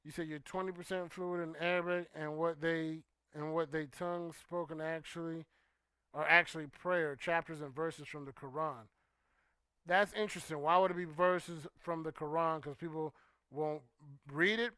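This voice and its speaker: A man hosts a casual chat show, talking loosely and trailing off into soft "you know"s between points. His voice is bright, crisp and a little higher than usual for a man. The sound is dry and close. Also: normal speed, dry recording. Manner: relaxed and conversational, with frequent "you know" and "um", trailing off quietly. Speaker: host of a livestream talk show. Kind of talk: casual chat, reading and answering viewer comments.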